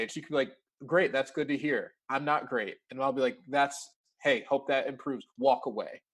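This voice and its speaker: A man's voice: medium pitch, brisk, few pauses, a bit bright. A man talking as a podcast guest in a casual interview, chatty and laughing often as he acts out bits of dialogue.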